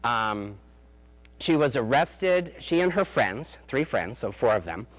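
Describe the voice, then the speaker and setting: A man's voice: medium pitch, sing-song, slow pace, a bit bright. A man, a family therapist, giving a parenting talk with stories, chatty and sarcastic, full of "like" and "um" fillers. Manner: chatty storytelling, frequent "like" and "um" fillers; dry, sarcastic humor. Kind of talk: lecture with anecdotes.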